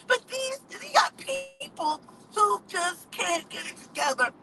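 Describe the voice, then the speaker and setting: Outspoken, high-voiced woman. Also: measured pace. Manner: outspoken, animated, laughs often; repeats rhetorical questions. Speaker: vlogger giving opinions. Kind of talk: casual opinion monologue. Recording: steady background noise with passing traffic.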